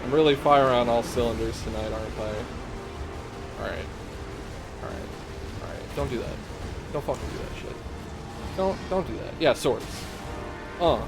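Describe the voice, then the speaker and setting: A man's voice: medium pitch, normal speed, pauses often. A young man streaming a game live, chatting casually with lots of swearing and giggling while he plays. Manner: casual, profane, giggly banter. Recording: game music clearly behind voice.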